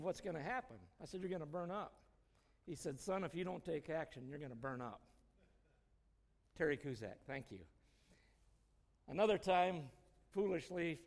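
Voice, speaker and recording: Middle-aged male church speaker, folksy storyteller, slightly high voice, reverberant hall. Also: gravelly. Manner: folksy, storytelling, chuckles often. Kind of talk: informal sermon with personal stories.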